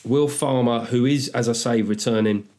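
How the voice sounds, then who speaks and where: Man, forties, podcast host, sweary, jokey solo monologue, medium pitch. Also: fairly even intonation, moderate pace, darkish tone. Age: 40s. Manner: sweary, joking, riffing on listener names.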